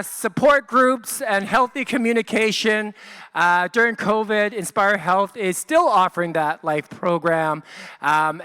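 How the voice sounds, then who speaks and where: A man's voice: sits high, bright, forceful tone, clean tone. A man hosting a live gala fundraiser on a handheld mic, rallying the room and calling out paddle numbers and donation amounts. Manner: upbeat, rallying, reads paddle numbers in slow, drawn-out calls. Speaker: gala host running a fundraising paddle raise. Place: gala event room with guests. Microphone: handheld microphone.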